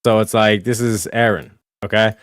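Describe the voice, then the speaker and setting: A man's voice: on the low side, steady tone, moderate pace, no echo, clean studio sound. A man streaming, explaining in casual, rambling talk that is full of swearing and repeated asides. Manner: rambling, profane, repeats "do you know what I mean".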